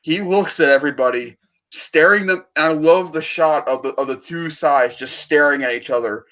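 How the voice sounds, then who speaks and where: A man's voice: a little high, moderate pace, fairly bright tone, muffled recording. A man hosting a movie podcast, eagerly retelling film scenes in casual review chat.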